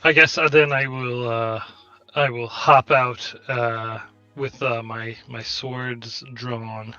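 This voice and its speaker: Slow, bright-voiced male player. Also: medium pitch, little pitch movement, dry recording, dull audio, soft background music. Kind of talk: casual tabletop play.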